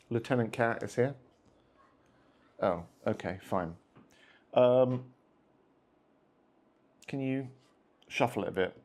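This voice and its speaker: A man's voice: medium pitch, takes it slowly, long pauses, darkish tone. A man hosting a solo tabletop wargame session, chatting casually and talking to his cats between dice rolls. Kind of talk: casual play-through commentary.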